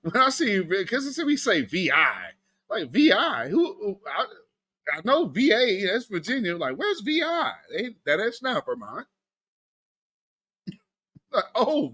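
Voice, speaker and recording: Animated man hosting a live stream. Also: high voice, slow pace, pauses often, slightly rough. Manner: animated, laughing, talks to chat. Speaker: livestream host. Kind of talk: casual political commentary.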